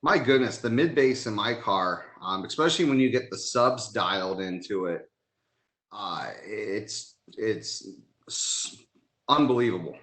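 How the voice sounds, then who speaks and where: A man with a bright, forceful tone speaks emphatically as a technical trainer. He sounds enthusiastic and hands-on, and his voice rings through an echoey room on a video call mic. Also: lowish voice, expressive, measured pace. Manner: emphatic, enthusiastic about installation. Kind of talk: live online training talk.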